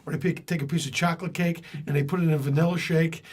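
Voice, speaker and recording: A man's voice: fairly high pitch, steady tone, quick pace, darkish tone. A man with a Philadelphia accent, a comedian guest in a casual chat, telling rambling stories. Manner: rambling storyteller, trails off and restarts.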